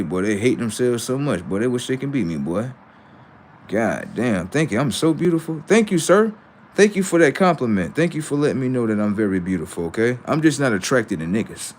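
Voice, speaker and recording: A man hosting a livestream, rambling and cursing as he taunts his viewers, dropping to low mutters and then rising into loud, drawn-out jabs. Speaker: livestream host. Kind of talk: casual livestream talk to chat.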